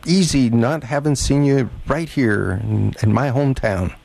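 A male co-host on a radio show, stumbling and restarting as he talks, warmly sincere with his guest. His voice sits at an ordinary middle pitch. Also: unhurried, creaky, dry recording. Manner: hesitant, with many restarts. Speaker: radio co-host, music fan. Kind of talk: casual radio chat.

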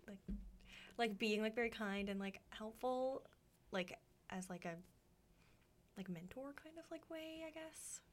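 A woman's voice: a little high, unhurried, pauses often, a little hiss or hum. A young woman co-hosting a radio show, chatting casually with lots of fillers and giggles. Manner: chatty, fills talk with "like", giggly. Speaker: radio co-host. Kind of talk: casual chat.

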